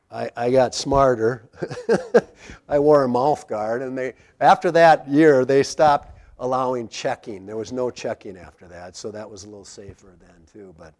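Middle-aged guy preaching, storytelling, gets loud then drops real quiet, mid pitch. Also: normal speed. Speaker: pastor. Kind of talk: sermon.

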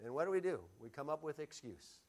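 A middle-aged man pastor preaching a sermon, telling stories and moving between loud emphasis and quiet asides. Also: fairly high pitch, animated, fast talker.

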